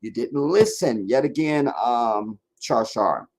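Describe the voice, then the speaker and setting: A man hosting a live stream and answering viewers' comments, talking bluntly and emphatically, dropping to low mutters and rising to insistent points. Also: expressive, takes it slowly, a little mellow. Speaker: livestream host answering chat. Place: sitting in front of a camera for a live stream.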